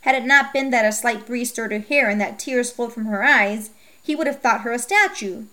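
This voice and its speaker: A woman narrating a myth as a storybook reading, with a steady, measured delivery. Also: a little high.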